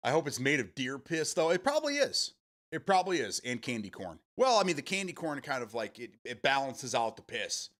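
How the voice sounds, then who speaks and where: Male stream host, casual, profane and rambling, with a lively up-and-down pitch. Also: a little fast, hardly any pauses. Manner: rambling, swears freely, answers chat. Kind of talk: casual chat with stream viewers.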